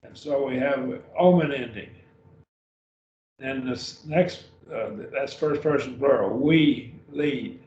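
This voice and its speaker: A man teaching a beginning Greek grammar class, slowly repeating each word several times. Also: mid-range voice, a little mellow, a little hiss or hum. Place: classroom or church room. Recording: echoey room, dull lo-fi sound.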